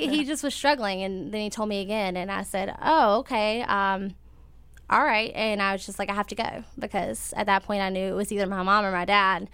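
A woman's voice: medium pitch, a little fast, a bit bright, smooth, dry recording. A young woman, telling a personal story in casual conversation, full of fillers and little laughs. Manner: chatty, many fillers, laughs while telling.

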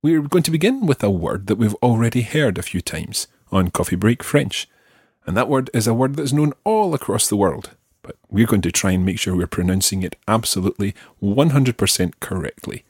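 Scottish guy teaching a language podcast, slow clear repeats, lowish voice. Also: lively intonation, darkish tone, no echo, clean studio sound. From Scotland. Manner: clear, patient, repeats words slowly for the learner.

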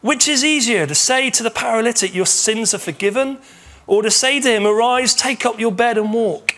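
A male pastor with a high, bright voice delivers a sermon. He tells the story vividly, slipping into imagined conversations as he goes. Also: normal speed. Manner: animated storytelling, acts out imagined dialogue.

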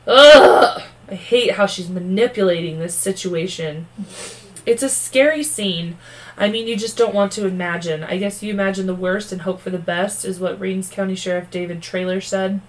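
A woman co-hosts a true-crime podcast, reading the case aloud and breaking off with blunt, profane, snarky asides. Her voice is mid-range at a moderate pace, in a low-quality recording.

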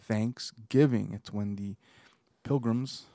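A man's voice: fairly low pitch, slow, mellow, no room sound, clean studio sound. A man co-hosting a podcast, chatting casually and joking, with a rambling style full of fillers and restarts. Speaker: podcast co-host.

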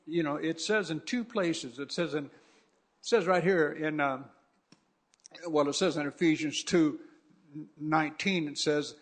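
A man's voice: on the high side, unhurried. A man who is a pastor, preaching a fervent sermon that repeats itself and often restarts.

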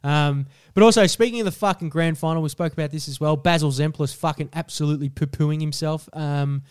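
A young Australian man with a fairly high voice rants and swears his way through casual podcast banter. The recording is dry and close, with no room sound. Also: a little fast, clean tone, no echo. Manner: sweary, ranting, animated. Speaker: podcast co-host.

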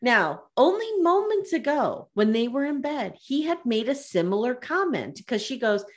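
A woman's voice: a little high, sing-song, normal speed. A woman co-hosting a podcast, retelling reality TV scenes in casual chat and laughing often. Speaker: podcast co-host.

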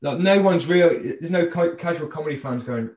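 A man's voice: on the high side, moderate pace, darkish tone. A man, a comedian, chatting casually on a podcast and laughing often. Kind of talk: casual chat.

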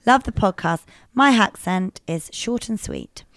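A woman's voice: medium pitch, sing-song, unhurried, creaky, a bit bright, dry recording. Brit woman podcast co-host, casual and agreeable, dry close mic. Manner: agreeable, chatty. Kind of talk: casual chat.

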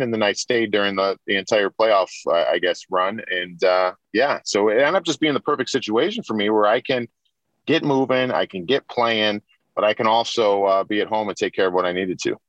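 A man's voice: fairly low pitch, fairly bright tone, no echo, muffled recording. A man in his forties, a former pro hockey player, telling long rambling stories in a casual interview, full of restarts and repeats.

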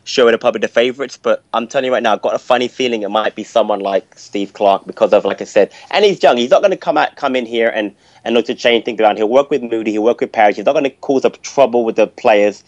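A man's voice: mid-range voice, fast, few pauses, a little mellow, no echo. A man giving his opinions on football in casual chat, hesitant with fillers but emphatic. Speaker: pundit guest. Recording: dry dull remote line.

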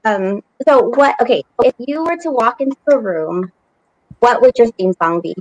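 A woman's voice: a little high, lively intonation, moderate pace, darkish tone, dry recording, poor audio. A woman hosting a podcast interview. She affirms and praises her guest before asking questions. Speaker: podcast host. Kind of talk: casual interview conversation.

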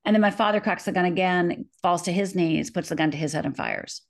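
A woman's voice: fairly low pitch, fairly quick. A middle-aged woman from Upper Michigan, an author interviewed as a guest, retelling her past earnestly and vividly, acting out the quotes. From Upper Michigan, USA. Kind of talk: interview, personal storytelling.

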